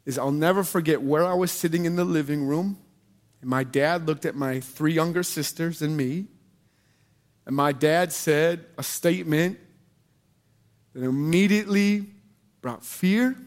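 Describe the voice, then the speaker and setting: A man preaching a sermon, telling personal stories in an animated, conversational way and asking the audience questions. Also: on the high side, a little slow, pauses often. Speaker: pastor.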